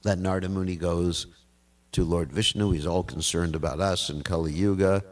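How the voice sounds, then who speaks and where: A man's voice: sits low, fairly even intonation, moderate pace, distant mic. An older man telling scripture stories in a folksy way, chuckling often as he speaks. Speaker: class speaker. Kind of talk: storytelling scripture class. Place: temple hall.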